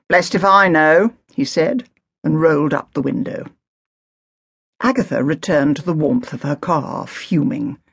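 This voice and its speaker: A woman narrating an audiobook novel with crisp, expressive storytelling and a gravelly, husky voice. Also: low voice, no room sound, clean studio sound. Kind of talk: scripted narration.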